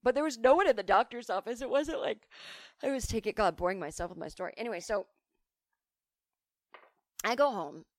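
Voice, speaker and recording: A woman's voice: fairly high pitch, fairly quick, long pauses, dry recording, studio quality. A woman hosting a podcast who tells comic stories in a chatty, self-mocking way and swears freely. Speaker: podcast host. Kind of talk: casual comic storytelling.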